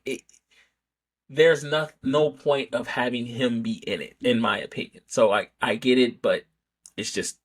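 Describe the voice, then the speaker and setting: A man's voice: mid-range voice, a bit bright, slightly rough. A man hosting a sports podcast, giving a casual, rambling opinion monologue full of self-corrections and rhetorical "right?" asides. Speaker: podcast host.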